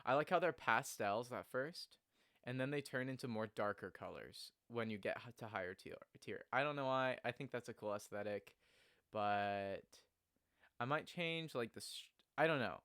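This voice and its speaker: A man's voice: mid-range voice, normal speed, fairly bright tone, smooth, no echo, studio quality. A man who is sick with a cough, chatting casually and laughing often with viewers on a live stream from a small storage room.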